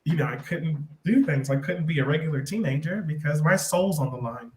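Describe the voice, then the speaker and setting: A man as a podcast guest, telling a personal story in a rambling, animated way with many restarts. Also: on the high side, brisk. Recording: roomy echo.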